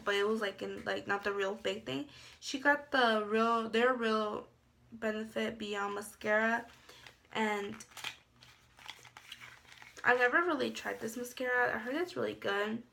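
A young woman talks through her beauty haul in a rambling, chatty way, full of filler words. Her voice sits a little high and is bright, with gravelly fry. A faint hiss runs under the recording. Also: a little slow, pauses often. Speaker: beauty vlogger. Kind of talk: casual haul chat.

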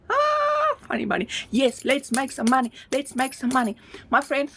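A South African woman doing a live-streamed sales pitch for an online business. She is emphatic, repeats words over and over, and sounds slightly out of breath. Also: fairly quick, vocal fry, a bit bright, breathy edge.

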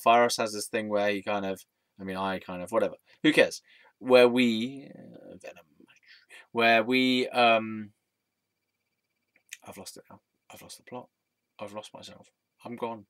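A man's voice: fairly low pitch, fairly bright tone, no room sound. Young man, vlog monologue, scattered and giggly, swears, loses his thread, dry voice with no room sound. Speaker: vlogger. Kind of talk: rambling stream-of-consciousness monologue.

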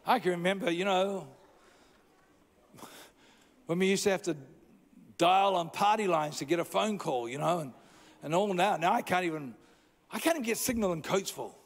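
Older kiwi lady pastor preaching, jokey then forceful, long echo in the church hall. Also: fairly low pitch, normal speed, pauses often. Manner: chatty and joking, then emphatic preaching. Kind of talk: sermon. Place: church auditorium. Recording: long reverb in a large church.

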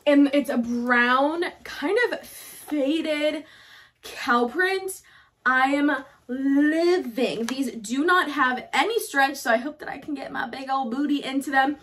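A young woman talks into her phone camera at home, her voice sitting high and light. She gushes, trails off and restarts in breathless, chatty excitement, full of fillers. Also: slow. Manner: bubbly, gushing, chatty with many fillers. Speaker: fashion haul vlogger. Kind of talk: casual excited chat to camera.

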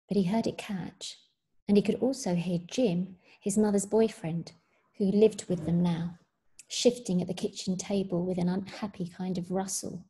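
A woman teacher reading a short story aloud in a measured, expressive way. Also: mid-range voice.

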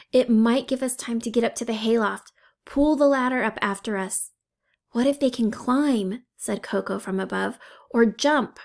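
A woman reading a children's novel aloud, steady in the telling and dropping to breathy whispers when the tension rises. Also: on the high side. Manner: steady storytelling with breathy whispers in tense moments. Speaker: audiobook reader.

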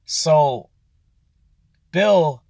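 A man's voice: fairly high pitch, lively intonation, extremely slow, dark tone, no room sound, studio quality. A man in his forties telling a story in a casual, rambling vlog with many fillers and restarts. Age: 40s. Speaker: vlogger.

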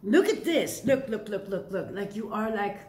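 Her voice sits in the mid-range with a darkish tone and big swings in pitch as she moves at a moderate pace through a casual, chatty tarot reading for the camera. Playfully, she asks herself rhetorical questions and then answers them, in an echoey room with a faint hiss.

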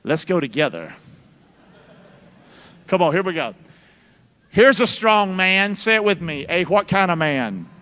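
A man with a high voice preaches in a church sanctuary, drawing call-and-response from the congregation. He talks in a folksy, teasing way. His voice rings with long hall reverb. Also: sing-song, measured pace, long pauses, a bit bright. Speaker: pastor. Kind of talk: sermon.

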